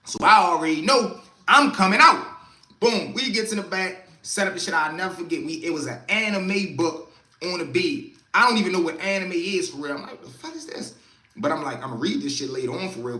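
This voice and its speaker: A young man tells a story to his live chat, animated and loose, slipping into other people's voices as the tale rolls on. His voice sits a bit high and sounds bright and forceful. The room around him is echoey. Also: fairly quick. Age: young adult. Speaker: livestream storyteller.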